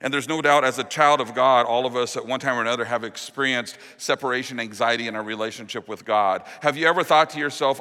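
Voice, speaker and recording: A man preaching a sermon as pastor, earnest, dropping to a hushed, slow voice on the key promises. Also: medium pitch, steady tone. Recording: long reverb of a large hall.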